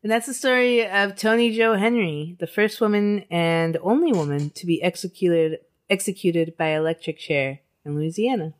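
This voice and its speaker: A woman with a slightly low voice co-hosts a podcast. She tells a true-crime story in a loose, chatty way. She swears and laughs easily. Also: normal speed, few pauses. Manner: casual, swears, laughs often. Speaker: podcast co-host.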